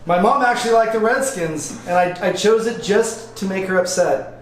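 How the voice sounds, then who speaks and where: A man's voice: sits high, moderate pace, a little hiss or hum. A man who is a professor, talking with energy and easy laughter. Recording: very echoey room.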